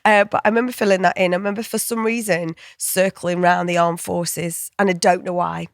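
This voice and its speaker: Casting: northern English woman, fifties, chatty interview guest, lowish voice, dry sound. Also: steady tone, brisk, no echo. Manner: chatty, laughing, restarts sentences. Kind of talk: casual interview conversation.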